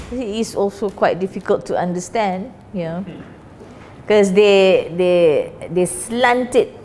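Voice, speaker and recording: A woman's voice: mid-range voice, darkish tone, a little hiss or hum. A woman, leading a chatty classroom discussion and repeating her points for emphasis. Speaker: English teacher.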